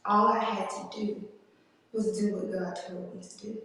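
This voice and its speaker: Woman speaker, emotional testimony, unhurried, distant in a roomy hall. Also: mid-range voice, lively intonation. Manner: emotional, earnest, addresses audience as "y'all"; slow, deliberate delivery with long pauses. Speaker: conference speaker. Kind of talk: personal testimony talk. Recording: echoey hall, distant mic.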